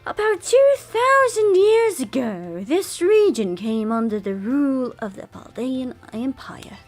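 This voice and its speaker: A woman's voice: sits high, very animated, slow pace, soft background music, voice pushed up, heavily acted. A woman voicing a prim, pompous history teacher in a stilted made-up accent. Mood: lecturing.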